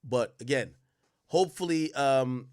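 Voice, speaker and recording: A man hosting a livestream, reacting to a clip in an animated, slangy, profane way and thinking out loud. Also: mid-range voice, unhurried. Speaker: livestream commentary host. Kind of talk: live-stream reaction commentary.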